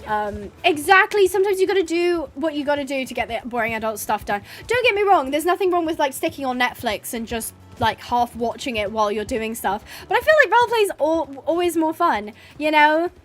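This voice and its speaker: A woman's voice: high-pitched, expressive, a little fast, few pauses, a bit bright, soft background music. A woman chatting casually and laughing while playing a horse game as a streamer. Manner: chatty, giggly, rambling. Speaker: gaming streamer.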